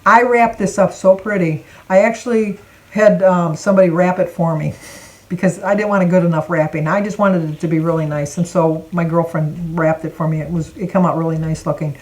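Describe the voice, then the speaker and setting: An older woman from Michigan tells a family story in a casual, lively way, acting out the voices of the people in it. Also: on the low side, a little fast, low-quality recording. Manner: animated, acts out quoted voices. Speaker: vlogger.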